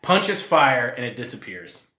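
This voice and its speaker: A man's voice: medium pitch, big pitch swings, measured pace, pushed and bright, roomy sound. A man hosting a casual podcast, running a quiz game in a playful, joking way. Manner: playful, laughing at his own ideas. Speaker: podcast host.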